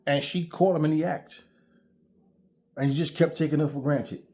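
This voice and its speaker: A man's voice: a little high, fairly even intonation, normal speed, dark tone. Blunt, profane man ranting. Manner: blunt, profane, preachy storytelling. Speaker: channel host. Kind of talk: casual ranting monologue.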